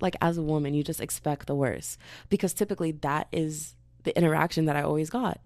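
A young woman in her twenties rants on her podcast in a low, gravelly voice with plenty of vocal fry. She rambles from story to story and keeps leaping up into high, mocking voices when quoting people. She sounds tired but wired, and the sound is dry and close. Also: fast, no echo. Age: 20s. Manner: animated, rambling, jumps into high-pitched quoted voices. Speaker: podcast host. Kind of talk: casual ranting monologue.

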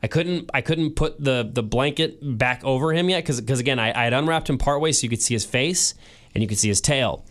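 A man co-hosting a casual podcast, telling an emotional story with many restarts and pauses, teary at times. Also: medium pitch, fairly bright tone. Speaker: podcast co-host. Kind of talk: casual chat.

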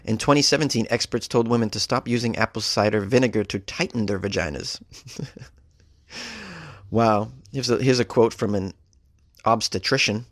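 A man hosts a comedic news podcast, reading odd stories and cracking wry asides between them. His voice sits at an ordinary pitch and stays loose and conversational. The recording is close and dry. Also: moderate pace, no echo. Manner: wry, joking, riffs on stories. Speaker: podcast host.

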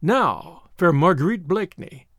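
A man's voice: high-pitched, animated, a little slow, a bit bright, no echo, studio quality, heavily acted. A man voicing a sly, vicious male French spy who gloats and murmurs through clenched teeth.

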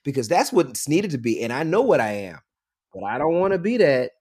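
A man's voice: on the high side, very animated, brisk, a little mellow, slightly rough. A man talking loosely in casual chat on a podcast, musing and swearing. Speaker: podcast co-host.

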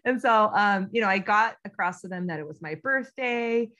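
A woman's voice: mid-range voice, animated, normal speed, bright, forceful tone, lo-fi sound. An American woman in her thirties, a podcast guest recounting a story with lots of ums and laughter. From United States. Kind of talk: casual storytelling interview.

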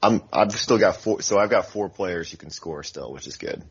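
A man's voice: low-pitched, expressive, moderate pace, husky, dull audio. A man, a guest co-host chatting playfully on a football podcast. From American South. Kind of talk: casual football podcast chat.

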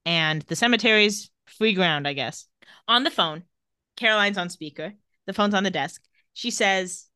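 A woman's voice: medium pitch, moderate pace, bright, forceful tone, smooth, dry recording, studio quality. A woman co-hosting a podcast, casually recapping an episode and reading lines with wry asides. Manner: reads out dialogue with wry asides. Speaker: podcast co-host.

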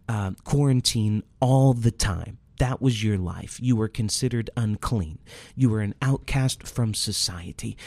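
A man delivers a sermon episode, retelling a scripture story in an animated way. He jumps into the characters' voices as he tells it. The sound is close and dry, with no room around him. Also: mid-range voice, dry recording. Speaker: preacher. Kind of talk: sermon teaching on a Bible story.

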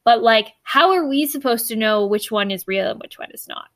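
A woman's voice: fairly high pitch, animated, normal speed, fairly bright tone, no room sound. A woman co-hosting a podcast, retelling a mystery novel in a chatty, puzzled way with many restarts. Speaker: podcast co-host. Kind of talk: casual book discussion.

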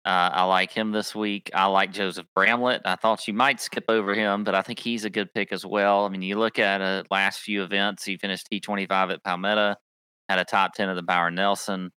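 A man's voice: low-pitched, flat delivery, fairly quick, bright, forceful tone, clear, resonant tone, no room sound. A man co-hosting a podcast, chatting in an easygoing way and reading off statistics. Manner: easygoing, reads off stats. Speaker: podcast co-host. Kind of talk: casual fantasy sports chat.

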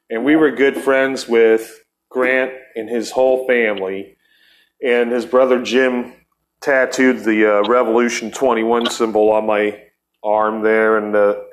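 Middle-aged male podcast host, casual and profane, rambling storyteller, mid-range voice. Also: mid-range voice.

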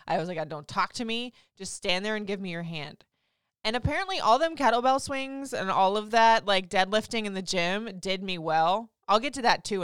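A young woman vlogger telling a story in a casual, animated way, swearing freely and laughing often. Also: fairly low pitch, smooth, no room sound, studio quality.

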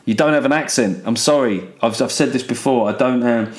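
An English man hosts his podcast on his own, swearing freely as he rambles. He is sardonic and sounds unscripted, with a middling pitch. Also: brisk. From England. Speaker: podcast host. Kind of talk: casual solo podcast monologue.

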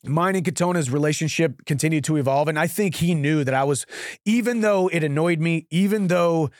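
A man's voice: fairly high pitch, fairly quick, no room sound, clean studio sound. A man in his thirties hosting a casual podcast chat, rambling and restarting his sentences. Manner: chatty, rambling with frequent restarts. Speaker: show host.

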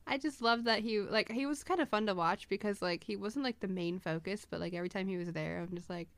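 A young woman co-hosts a podcast, chatting casually with plenty of fillers and frequent laughs. Her voice is medium-pitched, quick, and fairly bright, with no room sound.

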